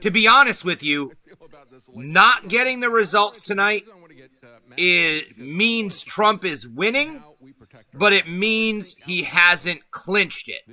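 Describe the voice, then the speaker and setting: Nervous male livestream host, bright higher voice, rambling and swearing at chat. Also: poor audio. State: anxious.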